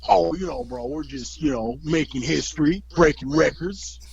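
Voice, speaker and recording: A cocky young gym bro, as a man puts him on, with a gravelly, crackling voice pitched well above the man's own. His voice swings up and down as he brags in easy, drawling bro slang. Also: animated, normal speed, highs cut off. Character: brash boastful young male gym bro.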